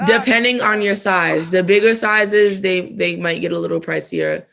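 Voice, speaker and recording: A woman's voice: medium pitch, big pitch swings, moderate pace, vocal fry, fairly bright tone. A woman co-hosting a casual podcast while eating, chatty and laughing often as she shares tips. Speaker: podcast co-host.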